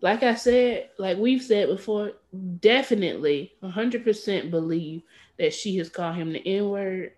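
A woman co-hosting a podcast in casual chat, animated and playfully petty, who often acts out what others might say. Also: medium pitch, a little slow. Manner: animated, acts out quoted lines with playful pettiness. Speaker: podcast co-host.

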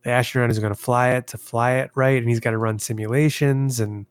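A man's voice: mid-range voice, steady tone, fairly quick, smooth, dry recording. A man co-hosting a podcast, recapping a movie plot casually with a wry, playful manner. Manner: wry, playful, laughing easily. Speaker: podcast co-host. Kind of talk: casual chat.

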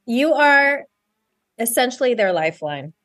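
A woman's voice: fairly high pitch, big pitch swings, measured pace, fairly bright tone. A woman guest on a podcast, explaining things earnestly and plainly. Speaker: guest, animal rescue founder. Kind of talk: interview guest.

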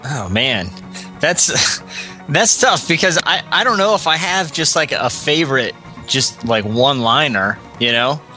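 A man co-hosting a casual podcast. He jokes and tells quick anecdotes in asides. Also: medium pitch, expressive, bright, forceful tone, faint music behind. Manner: joking, storytelling, quick asides. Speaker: podcast co-host.

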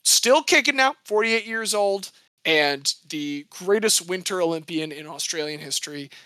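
A woman's voice: lowish voice, expressive, normal speed, fairly bright tone, dry recording. A woman co-hosting a podcast, telling sports history in a casual, jokey way. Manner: chatty, jokey storytelling. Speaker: podcast co-host.

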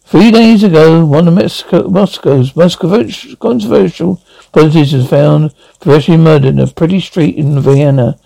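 An actor playing a gruff male handler who briefs an assassin in a matter-of-fact way, in a TV drama. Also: on the high side, normal speed, dark tone, no echo, rough recording. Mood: businesslike. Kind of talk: TV drama acting.

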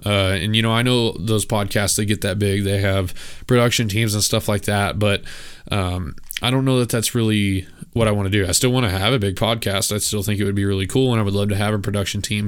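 A man with a lowish voice and a smooth, clear tone talks through a solo podcast episode. He rambles casually with plenty of "uh"s, speaking candidly and plainly. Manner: casual, rambling, candid with frequent filler words. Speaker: podcast host.

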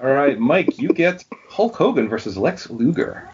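A man hosts a trivia round on a casual podcast. His voice is husky and raspy, and his pitch swings around as he announces each question. The recording is dull and lo-fi. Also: very animated, normal speed, darkish tone. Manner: reads out questions and answers, laughs easily. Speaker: podcast host running a trivia game. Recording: dull lo-fi sound.

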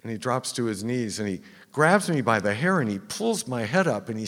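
Brisk and hardly pausing, a man with a medium-pitched, sing-song, fairly bright voice tells a true story to a live theater audience. His first-person delivery is dramatic, turning to a whisper at tense points amid the long reverb of the hall.

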